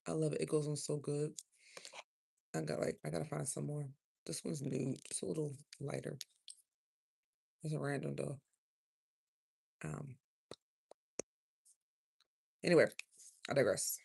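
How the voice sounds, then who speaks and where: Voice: mid-range voice, little pitch movement, a little slow, creaky, pauses often, dark tone, slightly rough. A tarot reader from South Carolina, giving a rambling, emotional, chatty card reading in a casual livestream.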